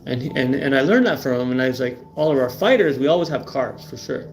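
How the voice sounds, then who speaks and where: A man's voice: medium pitch, expressive, quick pace, soft background music. A middle-aged man hosting a live stream about health, talking emphatically and often tagging lines with "right?", repeating words as he goes. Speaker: livestream host.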